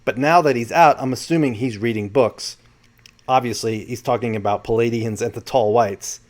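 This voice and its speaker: A man's voice: mid-range voice, normal speed. Wry man reading out a transcript. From New York. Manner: wry asides, reads out quotes. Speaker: host. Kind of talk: commentary on a panel transcript.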